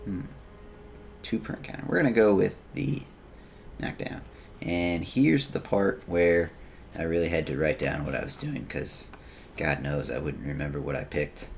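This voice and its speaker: Deep gravelly man playing a game. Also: normal speed, slight background noise. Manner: joking, self-mocking asides while reading game text aloud. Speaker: gaming YouTuber. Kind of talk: let's play commentary.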